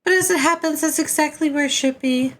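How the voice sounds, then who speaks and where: A woman's voice: high-pitched, fairly quick, fairly bright tone, pitched above the performer's own voice. A man playing a chirpy young girl guide. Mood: cheerful instructing. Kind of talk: reading a webcomic aloud with voices.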